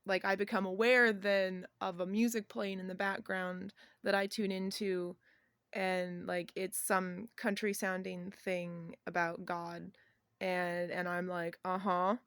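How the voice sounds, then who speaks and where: A woman telling a personal story in a casual vlog, rambling and halting, with many fillers and restarts and soft laughs between thoughts. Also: fairly low pitch, little pitch movement, no room sound, studio quality. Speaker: vlogger.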